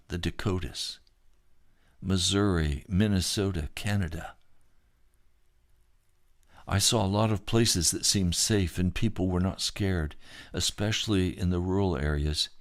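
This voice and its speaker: Male narrator, low register, dry close recording; halting first-person recollection of a dream vision. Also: no room sound. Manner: halting, with repeated words and restarts.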